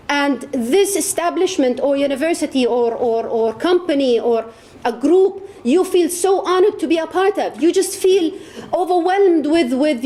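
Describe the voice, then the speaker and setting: A woman's voice: high-pitched, expressive, normal speed, dark tone. A woman giving an impassioned religious talk to an audience, repeating words for emphasis. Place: lecture hall.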